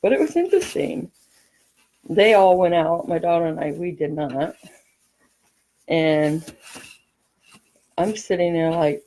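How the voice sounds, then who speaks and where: A woman's voice: on the low side, measured pace, long pauses, poor audio. Chatty, laughing California woman host. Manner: rambling, laughs often, animated storytelling. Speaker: craft tutorial host. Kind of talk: chatty crafting tutorial with stories.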